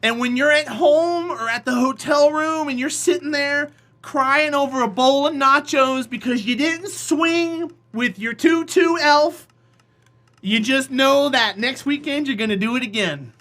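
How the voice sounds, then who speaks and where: A live streamer telling rambling, animated stories in a casual chat with viewers, often slipping into acted voices. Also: sits high, unhurried.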